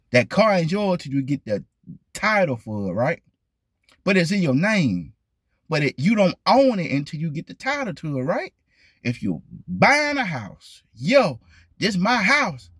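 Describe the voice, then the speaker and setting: Talking straight to his audience, a man hosts his own vlog in a relaxed, on-camera style, hammering home points by repeating them and repeatedly asking viewers questions. His voice is fairly high-pitched, and the sound is clean studio audio without echo.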